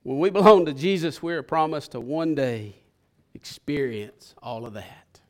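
A male pastor preaching a sermon, swelling to loud bursts and then dropping to a hush. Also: a little high, measured pace.

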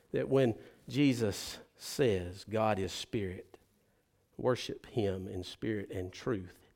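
A man preaches as a pastor. He tells a story and voices the people in it. His speech moves between quiet, low stretches and sudden loud, high bursts. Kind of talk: sermon storytelling.

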